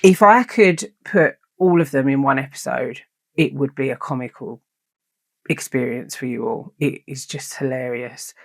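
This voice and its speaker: A woman hosting a casual podcast, telling stories in an animated way, swearing freely and acting out quoted lines. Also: rumbling low, moderate pace, vocal fry, no echo, soft background music. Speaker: podcast host.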